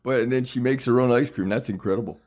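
A man's voice: mid-range voice, fast, darkish tone. A man in his sixties, chatty and enthusiastic, interviewing in a casual conversation and laughing often.

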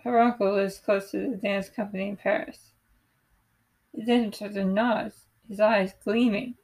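A young woman calmly reading aloud her own play script, voicing every part in her plain voice. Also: mid-range voice, moderate pace, low-quality recording. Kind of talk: unhurried script read-aloud.

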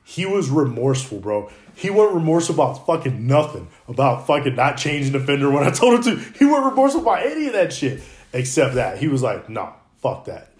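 A man's voice: on the high side, fast, roomy sound. A man telling profane, laughing stories about coworkers in a casual chat. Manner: profane, laughing, animated storytelling. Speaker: mechanic telling shop stories. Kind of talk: casual storytelling among coworkers.

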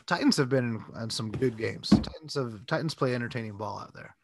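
A man co-hosting a casual sports podcast, talking in a relaxed, rambling way. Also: medium pitch, fairly quick, heavy background noise. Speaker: podcast co-host.

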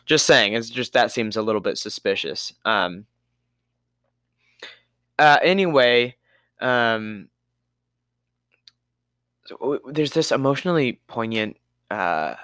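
A man's voice: mid-range voice, lively intonation, slow, pauses often, a bit bright, smooth, no room sound, studio quality. A man co-hosting a podcast, casually recapping a movie in a rambling way and sometimes losing his place. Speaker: podcast co-host.

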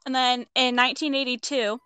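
Bright-voiced young woman recapping a case. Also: high voice, flat delivery, a little fast, clean tone, no room sound. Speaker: podcast co-host presenting a true-crime case. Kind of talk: casual chat reading case notes. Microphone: own mic on an online call.

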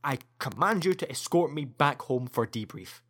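A man's voice: mid-range voice, animated, normal speed, fairly bright tone, slightly rough. An actor playing a shaken young male spaceship crew member who sounds distraught and defiant.

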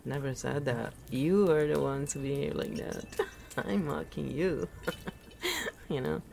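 A woman's voice: very deep voice, animated, takes it slowly, vocal fry, a little hiss or hum. A woman from Italy giving a casual, rambling spiritual talk, often laughing at her own jokes. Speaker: podcast host.

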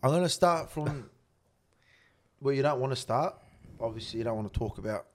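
A man's voice: medium pitch, animated, moderate pace, slight background noise. A young man hosting a podcast, blunt and crude, laughing often and swearing freely. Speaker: podcast host. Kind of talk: casual podcast chat, heavy swearing.

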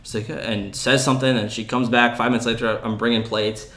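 A young man in his twenties tells a story to his roommates on a casual podcast. He talks loosely and with energy, jumping up in pitch when he acts out what people said. His voice sits at a middling pitch. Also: brisk. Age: 20s. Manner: animated, laughing, acts out quoted voices. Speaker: podcast host.

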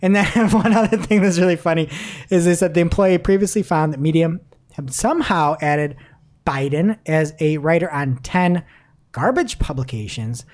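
A woman's voice: on the low side, lively intonation, normal speed, darkish tone. A woman host in casual chat, reading articles aloud with a wry, giggly manner. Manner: giggly, wry, laughs mid-sentence. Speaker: podcast host.

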